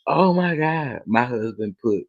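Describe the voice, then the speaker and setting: Gravelly-voiced man chatting dramatically to viewers. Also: medium pitch, unhurried, no room sound, highs cut off. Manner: animated, dramatic exclamations, talks to the audience. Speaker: commentary channel host. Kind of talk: casual chat to viewers.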